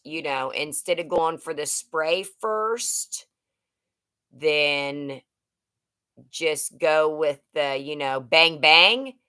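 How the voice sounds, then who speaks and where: Woman livestream host, middle-aged, low and unhurried, chatty and rambling, answers viewer comments. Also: bright, forceful tone, clean tone. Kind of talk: casual live chat with viewers.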